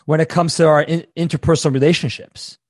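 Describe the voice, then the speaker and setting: A man's voice: fairly high pitch, fairly even intonation, fast, darkish tone, dry recording, clean studio sound. A man hosting a casual interview, thoughtful and searching for his words. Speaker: podcast host.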